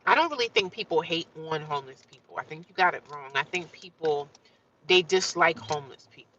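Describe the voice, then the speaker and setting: A woman's voice: sits low, lively intonation, fairly quick, a bit bright, dull audio, slight background noise. A woman ranting on a live stream, emphatic and fiery, repeating and drawing out her phrases. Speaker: livestreamer.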